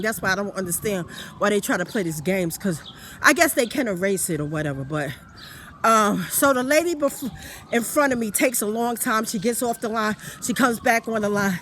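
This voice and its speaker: Lady venting to camera, high pitched and sharp, rambly and emphatic. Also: slight background noise. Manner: emphatic, ranting storyteller; rambling with many fillers and restarts. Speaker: vlogger. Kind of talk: casual monologue.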